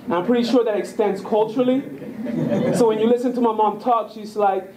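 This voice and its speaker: Man, 30s, from Puerto Rico, high-ish voice, chatty speaker style; echoey room. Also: steady tone, fairly quick, recorded from a distance, background noise. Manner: conversational storyteller, keeps asking "right?". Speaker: guest speaker. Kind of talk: public talk. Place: lecture room.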